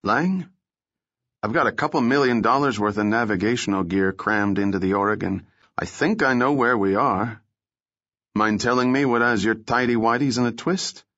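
A man voicing a calm, unflappable male operative leader who speaks smoothly with dry humor in an audiobook reading. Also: mid-range voice, moderate pace, dull audio, close to an everyday voice. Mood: calm, wry. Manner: calm, smooth, dryly joking.

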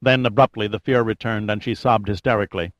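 A man reading an audiobook in a measured, even storytelling manner. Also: fairly low pitch, no room sound, muffled recording. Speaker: audiobook narrator. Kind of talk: scripted narration.

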